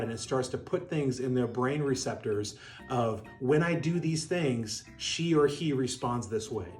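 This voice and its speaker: A middle-aged man, a dog breeder, calmly explaining how to interact with a puppy in an even-keeled instructional talk. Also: medium pitch. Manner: calm, even-keeled, demonstrates voice tones. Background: soft guitar music.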